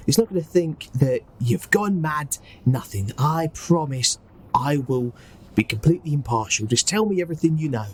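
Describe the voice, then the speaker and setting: Man doing a gooey creature's shaky Cockney, pitched up, soothing and earnest. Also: a little hiss or hum, close to an everyday voice, rough recording. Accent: attempted Cockney. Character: slimy male ooze creature faking a Cockney inspector.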